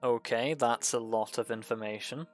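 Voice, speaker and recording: A man's voice: medium pitch, steady tone, normal speed, soft background music, natural voice. A man voicing a blunt, plain-spoken male guard. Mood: concerned.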